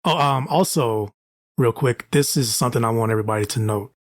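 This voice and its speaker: A man co-hosting a podcast, relaxed, mostly chiming in with short agreeing remarks. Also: medium pitch, fairly quick, dry recording, studio quality. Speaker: podcast co-host. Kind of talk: casual podcast chat.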